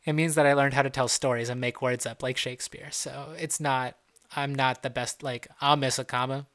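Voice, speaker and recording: A man's voice: medium pitch, steady tone, normal speed, fairly bright tone. A young adult man from Ohio with a Midwestern accent and a slight Southern twang, hosting a casual live stream chat and answering viewers' questions in a joking, loose way. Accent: Midwestern American with a slight Southern twang. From Ohio, USA. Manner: joking, loose, playful teasing. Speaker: livestream host.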